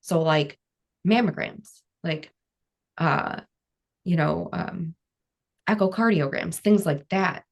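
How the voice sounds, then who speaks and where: A woman's voice: lowish voice, takes it slowly, gravelly, long pauses. A woman guest on an interview podcast, a cancer coach telling her story frankly, quoting her past self and using many "like" fillers.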